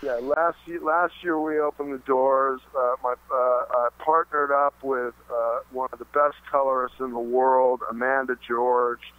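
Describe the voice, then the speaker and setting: A man being interviewed in casual chat, halting with many restarts and fillers, and swearing freely. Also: mid-range voice, flat delivery, no room sound, narrow, tinny audio. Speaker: interview guest.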